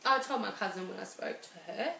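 Woman guest, thirties, gravelly, echoey studio, halting personal story. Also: mid-range voice, animated, a crowd in the background. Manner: halting and emotional, many restarts. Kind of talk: personal interview. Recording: roomy studio with faint hiss.

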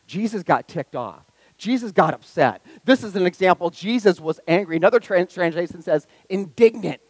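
High-pitched guy pastor preaching hard, loud then soft and tender, super dry close sound. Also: husky, no echo, rough recording. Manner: energetic, swings from loud exhortation to hushed intimacy. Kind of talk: sermon. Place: church sanctuary.

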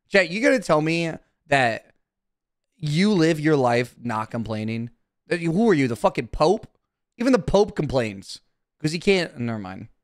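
A man's voice: medium pitch, dry recording, studio quality. A young man streaming casually, talking to his chat in a brash, profane, defensive way.

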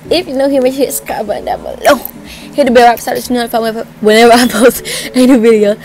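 A young woman vlogging to camera in a chatty, excitable way, gushing and rambling as she says "like" a lot. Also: fairly high pitch, very fast, soft background music. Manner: excitable and gushing, leans heavily on "like"; chatty, rambling and self-correcting. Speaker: YouTuber. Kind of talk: casual vlog to camera.

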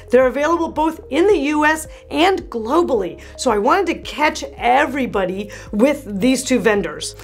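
Brief: high-pitched woman designer host, gushing and excitable, faint music under her voice. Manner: gushing, animated, with excited exclamations. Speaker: interior designer and channel host. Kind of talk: enthusiastic product review vlog.

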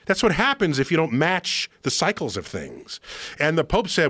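Emphatic man lecturing with lively pitch. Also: moderate pace, breathy edge, no room sound. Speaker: podcast guest. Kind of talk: animated explanation in conversation. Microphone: studio podcast microphone.

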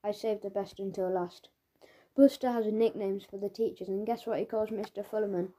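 A woman reads a children's book aloud in the voice of a cheeky schoolboy telling his own story. Her tone is warm and mellow, her pitch sits in a comfortable middle range, and the studio recording is close and clean. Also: moderate pace. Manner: lively, storytelling, voicing a schoolboy's thoughts. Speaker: audiobook narrator. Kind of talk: first-person children's audiobook narration.

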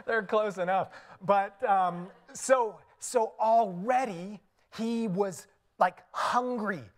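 A man's voice: high-pitched, slow. A middle-aged man with an Indian accent, a pastor preaching a sermon in a church in a conversational, storytelling way, often laughing at his own asides. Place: church sanctuary.

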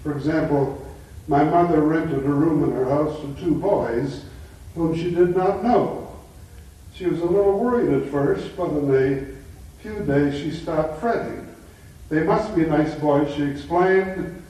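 A man's voice: a little high, a little slow, warm tone. Older male lecturer in an echoey hall. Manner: anecdotal, emphatic teaching. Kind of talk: lecture to a live audience. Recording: echoey hall, mic far off.

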